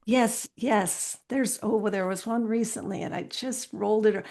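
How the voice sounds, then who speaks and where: A woman's voice: mid-range voice, moderate pace, darkish tone. A woman podcast host, now the guest, talking earnestly and with animation in a casual interview, often restarting her sentences.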